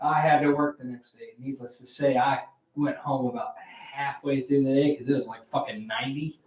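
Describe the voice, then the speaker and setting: A man's voice: mid-range voice, moderate pace, far from the mic, muffled recording. A man telling a long story in casual chat at a poker game, swearing freely and acting out what his friends said. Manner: profane, animated storyteller who acts out quotes. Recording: roomy echo, away from the mic.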